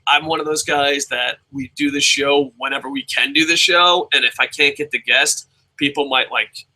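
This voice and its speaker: Bright-voiced, profane man hosting a show. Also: a little high, low-quality recording. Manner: profane, rambling, self-mocking. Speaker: show host. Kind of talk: casual live-stream chat.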